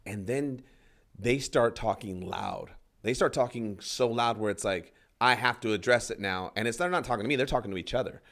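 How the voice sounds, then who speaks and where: A male comedian telling a story in casual podcast chat, acting out the people in it and swearing freely. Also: moderate pace. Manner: animated, acts out quotes with rising pitch and swearing.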